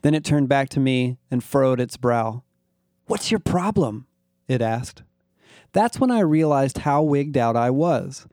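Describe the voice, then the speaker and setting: A man narrating a first-person science fiction story in a wry, measured way. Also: medium pitch, mellow, no room sound.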